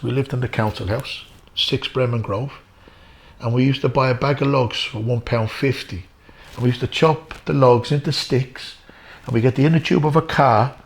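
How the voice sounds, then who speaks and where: A man's voice: medium pitch, gravelly, a little mellow. A middle-aged Irish man, a former boxer, telling emotional stories in an interview, earnest and repeating himself for emphasis. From Ireland. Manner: earnest, repetitive, addresses the host by name. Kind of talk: emotional storytelling.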